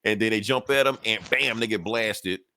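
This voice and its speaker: A man's voice: on the low side, moderate pace, sharp tone. A man on a podcast casually retelling a comic book story, acting out the characters' lines with profane, laid-back slang. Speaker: podcast co-host.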